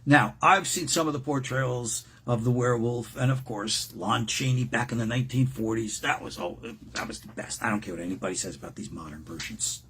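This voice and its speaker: A man's voice: medium pitch, fairly quick, hardly any pauses, a little hiss or hum. An older man hosting a show, chatting casually and joking around, often repeating words as he gets going. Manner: playful, jokey, repeats words when excited. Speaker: host.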